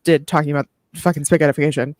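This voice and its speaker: A woman's voice: deep voice, flat delivery, racing, darkish tone, no room sound. A woman co-hosting a casual podcast over a video call, laughing often and reading tarot card meanings aloud. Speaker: podcast co-host.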